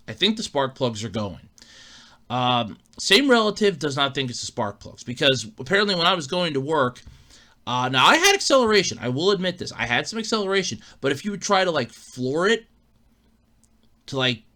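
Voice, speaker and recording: A man's voice: medium pitch, bright, forceful tone. A man hosting his own podcast, telling a rambling, exasperated story in casual talk and swearing freely. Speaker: podcast host. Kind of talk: casual solo monologue.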